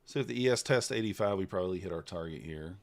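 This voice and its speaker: A man giving casual live commentary while trading, thinking out loud in an unhurried, low-key way. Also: expressive, creaky. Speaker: livestreaming futures trader.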